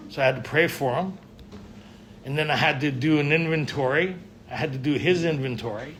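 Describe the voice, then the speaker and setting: A man's voice: fairly high pitch, brisk, a bit bright. Man talking to a group. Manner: conversational, often checks in with listeners. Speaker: recovery speaker at a men's retreat. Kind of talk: casual talk to a group. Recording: faint room ambience and noise.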